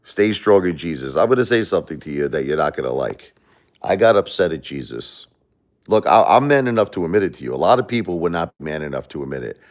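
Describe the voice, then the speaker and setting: A middle-aged American man with a low, deep voice hosts a livestream. He rants bluntly and emotionally, pushing back at his viewers with plain, confrontational talk. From United States. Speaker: livestream host. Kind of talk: livestream rant.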